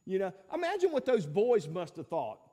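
High-voiced preacher in a reverberant hall. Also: male voice, huge pitch swings, normal speed, dark tone. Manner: conversational preaching with fillers and asides, rising to emphatic peaks. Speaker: pastor. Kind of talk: sermon.

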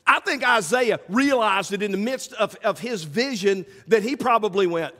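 A man preaching a sermon as pastor, swinging from loud calls to hushed asides. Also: high-pitched, animated, normal speed. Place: church sanctuary. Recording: church sanctuary with long reverb.

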